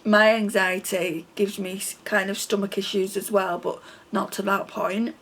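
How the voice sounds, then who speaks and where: A woman's voice: medium pitch, little pitch movement, measured pace, fairly bright tone. A woman recapping a reality show for her vlog, reading out quotes and getting worked up with her own opinions. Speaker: reality TV reaction vlogger.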